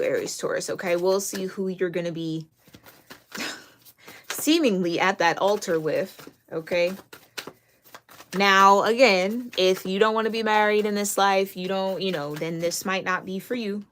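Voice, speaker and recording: Chatty, excitable woman reading tarot. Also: medium pitch, slight background noise. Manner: chatty and excitable, many fillers and restarts. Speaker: tarot reader.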